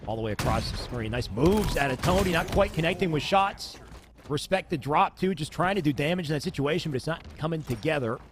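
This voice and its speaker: A man calling live play-by-play for a competitive shooter match at a quick, energetic clip. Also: fairly high pitch, noisy background. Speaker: esports play-by-play commentator.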